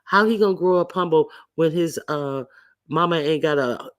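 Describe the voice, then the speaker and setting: A man's voice: a little high, normal speed, a bit bright. Sassy man hosting a gossip livestream. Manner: sassy, blunt, greets chat viewers between remarks. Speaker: livestream host.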